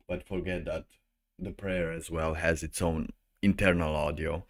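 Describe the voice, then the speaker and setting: A male streamer talks through his commentary in a low, deep voice. He takes his time, circling back and restarting as his thoughts wander. A faint bed of music hums underneath. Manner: rambling, loosely strung thoughts. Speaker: livestream host. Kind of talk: livestream commentary.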